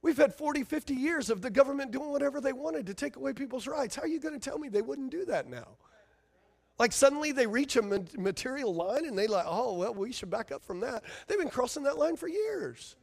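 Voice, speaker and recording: A man's voice: very high voice, lively intonation, brisk, creaky, a little mellow. A man preaching a sermon as pastor, emphatic and fiery, firing rhetorical questions at his congregation.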